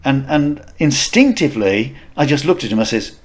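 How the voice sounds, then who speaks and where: A man, co-hosting a podcast, telling stories in a casual, animated way. He stammers on restarts and laughs often. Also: mid-range voice, normal speed. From United Kingdom. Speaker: podcast co-host, martial arts instructor. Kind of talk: casual anecdotal chat.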